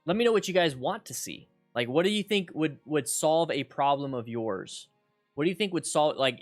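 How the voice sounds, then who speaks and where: A man hosting a casual livestream chat with viewers, excitable and rambling, repeating himself with bursts of hype. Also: mid-range voice. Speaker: motorcycle riding instructor and channel host.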